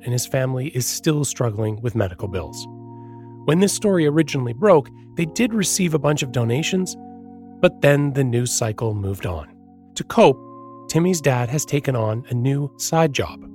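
A man narrating a feature story as a reporter, with a measured storytelling delivery. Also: mid-range voice, lively intonation, darkish tone, faint music behind. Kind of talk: scripted narration.

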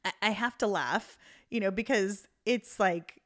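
A woman's voice: medium pitch, a little slow. A woman co-hosting a podcast, telling a story in casual, rambling chat full of fillers and laughter. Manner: chatty, filler-heavy, laughs through her story. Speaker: podcast co-host.

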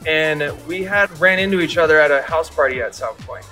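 A man's voice: fairly high pitch, a little fast, bright, forceful tone, soft background music. A man being interviewed, telling a story casually, rambling and swearing as he quotes himself and others.

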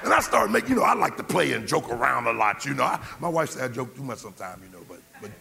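A pastor preaching in a church with plenty of gravel in his voice and a pitch that swoops all over. He shouts at his peaks and drops into joking asides, all ringing out in a long hall reverb. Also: big pitch swings, fast. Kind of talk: sermon.

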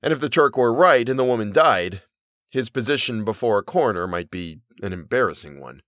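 A man reading a Victorian short story aloud as storyteller, in steady, measured narration. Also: mid-range voice, no room sound, studio quality.

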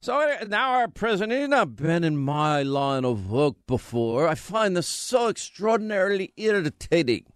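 A man's voice: a little high, sing-song, normal speed, hardly any pauses, smooth, no room sound, studio quality. A man doing a pompous whiny old senator. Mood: irritated. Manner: drawling, fussy, self-pitying. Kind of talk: comic impression on talk radio.

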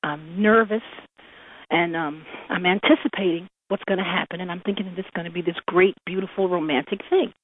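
A woman's voice: lowish voice, steady tone, a little fast, slightly rough. A woman in her thirties calling in to a radio show, telling a personal story with animation and frequent laughter. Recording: tinny phone line.

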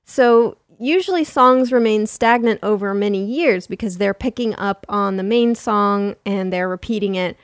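A woman's voice: medium pitch, normal speed, few pauses, no room sound, studio quality. A woman co-hosting a casual comedic chat, giggling often and reading quotes aloud with jokes. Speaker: podcast co-host.

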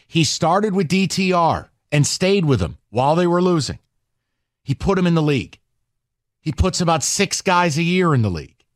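A male sports talk radio host defending his pick, sarcastic and combative. His voice sits a little high and leaps around in pitch. The studio sound is dry and close. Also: normal speed, dry recording. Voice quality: sarcastic, animated, argumentative.

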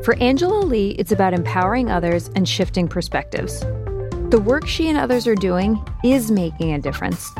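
A woman narrating a podcast in clear, even scripted delivery. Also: mid-range voice, brisk, over music.

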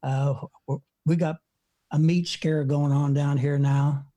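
A man's voice: fairly high pitch, little pitch movement, slow, warm tone. A man in his seventies, an evangelist preacher, telling stories in a folksy, rambling way with many fillers, speaking from his front porch. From United States. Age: 70s. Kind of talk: storytelling in an interview.

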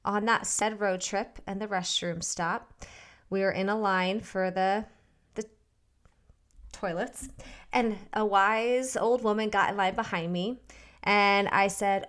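A woman co-hosting a podcast, chatting in a relaxed way and wrapping up the episode with a short story. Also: mid-range voice, slow pace, clean tone. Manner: relaxed, chatty, wraps up the show. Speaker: podcast co-host. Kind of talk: casual podcast chat.

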